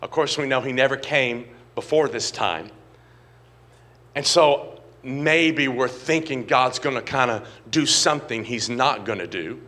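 A middle-aged man preaching a sermon, swinging from quiet, low asides to loud, shouted emphasis and often calling out to the congregation. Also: unhurried. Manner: repeats words and calls on the congregation. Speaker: pastor.

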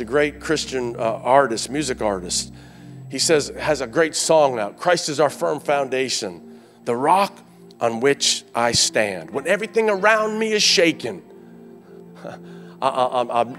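A man preaching a sermon as pastor, rising into loud fervent calls and dropping to quiet asides, often repeating words as he builds. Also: mid-range voice. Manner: repeats and restarts words when fired up.

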